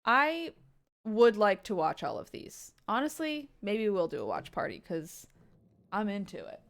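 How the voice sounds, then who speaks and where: A woman's voice: mid-range voice, very animated, measured pace. A woman streaming a game, chatting in a bubbly, exclamatory and playful way. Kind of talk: casual game stream chat.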